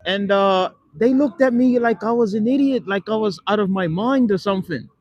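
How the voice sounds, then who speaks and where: A man's voice: high-pitched, normal speed, no room sound, highs cut off. Rambling, swearing streamer guy. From not born in Britain. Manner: rambling, swears a lot, tags "man" onto most lines. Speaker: livestreamer. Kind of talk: live stream, reading and answering chat. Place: London.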